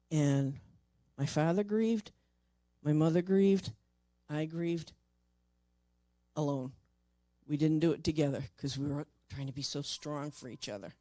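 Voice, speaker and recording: Older woman, mellow voice, halting emotional storyteller, dry close sound. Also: deep voice, no room sound. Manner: halting, repeats words, voice drops soft in tender moments. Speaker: paranormal investigator.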